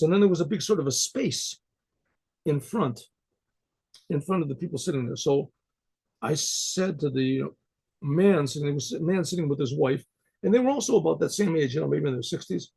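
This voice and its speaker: A man's voice: a little high, animated, fairly quick, warm tone. A man, a rabbi, telling a story in a rambling, conversational way with frequent restarts. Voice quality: gravelly, husky voice. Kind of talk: storytelling talk.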